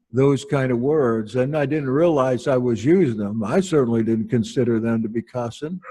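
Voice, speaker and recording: A pastor telling wry, anecdotal stories from the pulpit in an unhurried way. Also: male voice, a little high, darkish tone. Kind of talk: storytelling sermon.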